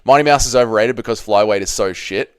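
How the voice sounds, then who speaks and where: A man's voice: on the low side, quick pace, smooth, no room sound, clean studio sound. A man from Australia with an Australian accent, casually reading chat and bantering with viewers on a live stream. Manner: banters with viewers, swears freely.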